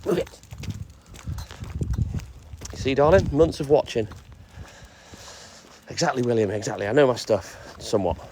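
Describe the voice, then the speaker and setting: A man's voice: medium pitch, expressive, brisk, long pauses, background noise. A man chatting casually and bantering with viewers on a live stream from his delivery van, swearing now and then. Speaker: milkman streamer. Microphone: phone live stream. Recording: music playing clearly behind.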